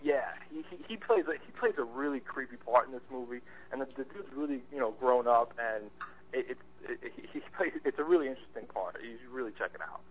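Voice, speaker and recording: A man co-hosting a casual movie chat show, enthusiastic and halting, often restarting his sentences. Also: medium pitch, muffled recording. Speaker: podcast co-host, movie reviewer.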